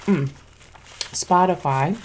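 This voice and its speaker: A woman's voice: lowish voice, slow, a little mellow, slight background noise. A woman streamer in casual chat, eating as she talks, chewing between words and speaking candidly into a close mic. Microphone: close desk mic. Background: faint music.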